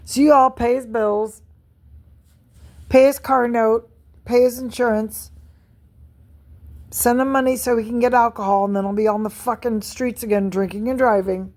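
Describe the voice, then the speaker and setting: A woman's voice: on the high side, fairly even intonation, moderate pace, pauses often, darkish tone. A middle-aged woman venting angrily and profanely in a vlog monologue, repeating herself as she rants. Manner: angry, profane, repetitive venting. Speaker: vlogger.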